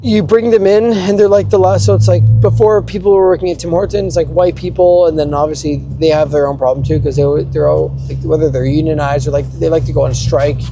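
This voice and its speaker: A man's voice: fairly high pitch, fairly even intonation, a little fast, creaky, few pauses, noisy background. A young man in a rambling, profane rant, often restarting. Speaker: vlogger. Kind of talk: ranting monologue.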